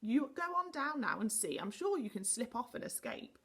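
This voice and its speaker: A brisk, impatient storybook magic man who bosses people about, his voice lively and a bit breathy, as a woman reading aloud puts him on. Orders come out firm and quick. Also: fairly high pitch, voice pushed up, full character voice. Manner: bossy and commanding.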